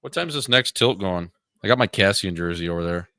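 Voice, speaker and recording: A man's voice: deep voice, lively intonation, quick pace, sharp tone, no echo. A man co-hosting a livestream, chatting casually in a blunt, crude, joking way. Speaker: stream co-host.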